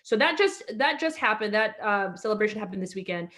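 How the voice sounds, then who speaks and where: An Egyptian-born woman hosts an online comedy show over a video call, filling the gaps between acts with rambling stand-up stories full of fillers and restarts. Her mid-range voice is a bit bright, with lively intonation and a fairly quick pace.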